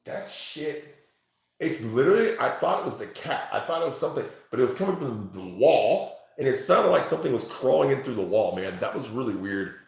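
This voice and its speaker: A man reading tarot live for his chat from home, talking excitably, swearing freely and exclaiming. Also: medium pitch, brisk, gravelly. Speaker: tarot reader livestreaming to chat. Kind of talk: casual live-stream chat. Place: at home, indoors. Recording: very echoey room.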